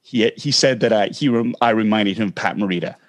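A man's voice: lowish voice, brisk. A Canadian man, a guest actor, telling a story in casual chat and acting out the lines people said. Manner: animated anecdote-telling with acted-out quotes.

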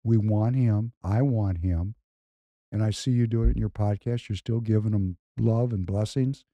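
Guy with a real dark mellow voice, earnest podcast chat, dry mic. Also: fairly low pitch, fairly even intonation, moderate pace, no echo. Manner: earnest, emphatic, repeats himself. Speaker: podcast co-host. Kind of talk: casual podcast talk.

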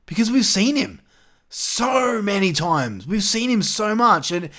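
Man, host, casual solo commentary, profane, exasperated rant, high-ish voice, very lively pitch. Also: unhurried. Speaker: wrestling review show host.

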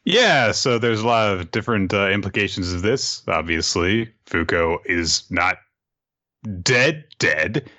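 A man with a very low voice and a bright, forceful tone adds wry, dry remarks in a casual chat. He speaks as a podcast co-host. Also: expressive, measured pace. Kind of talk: casual commentary.

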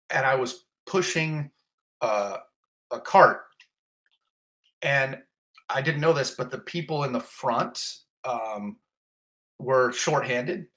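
Guy in an interview telling a rough story, gets worked up, gasps and exclaims, lots of restarts. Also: mid-range voice. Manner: emotional, animated retelling with gasps and exclamations; rambling, many fillers and restarts. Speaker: interview guest.

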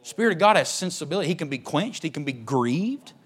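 Folksy preacher, bright, fervent. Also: male voice, animated, fairly quick, husky. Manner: swings from low and soft to loud, high shouting; folksy, joking asides. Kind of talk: sermon.

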